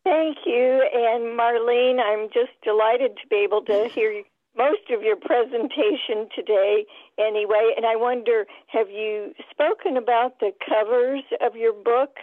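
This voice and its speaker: A woman's voice: a little high, unhurried, dry recording. A woman calling in, polite and inquisitive, asking the guest about her books. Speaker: caller. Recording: tinny phone line.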